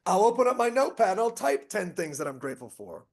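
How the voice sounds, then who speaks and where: A man's voice: high-pitched, sing-song, fast talker. A middle-aged man presenting a motivational online strategy session, emphatic and repetitive as he rattles off lists. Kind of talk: motivational webinar talk.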